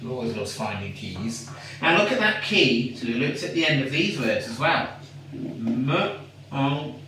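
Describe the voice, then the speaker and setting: A teacher slowly sounds out words and praises a young learner in a home phonics lesson. The voice sits back from the mic in a strongly echoing room. A faint hiss of noise runs underneath. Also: medium pitch, sing-song, recorded from a distance.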